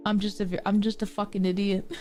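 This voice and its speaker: A woman's voice: medium pitch, flat delivery, fast talker, dark tone, faint music behind. A woman in her twenties, crying as she talks to her stream chat, self-deprecating and joking through tears. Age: 20s. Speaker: livestreamer. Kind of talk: emotional livestream talk to chat.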